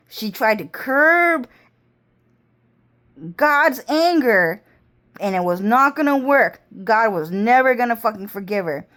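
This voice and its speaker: A woman vlogger delivering a rambling, intense monologue full of swearing. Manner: profane, intense, swinging pitch and pace.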